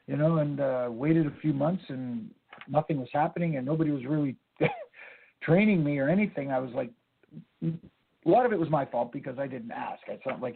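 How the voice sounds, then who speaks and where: Gravelly man on a phone line. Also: a little high, moderate pace. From Canada. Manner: rambling storyteller, many fillers and restarts. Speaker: former wrestling referee, interview guest. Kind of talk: casual phone interview.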